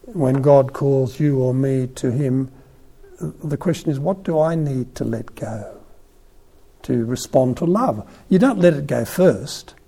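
Male preacher, husky and mellow, chatty sermon delivery. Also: medium pitch, a little slow. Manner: conversational, animated storytelling. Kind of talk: sermon on the Gospel.

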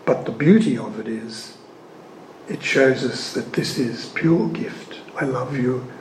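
A man giving an earnest, emphatic sermon-style teaching on scripture. He leans hard on key words and pauses often. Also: medium pitch, expressive, creaky, a little hiss or hum. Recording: echoey room.

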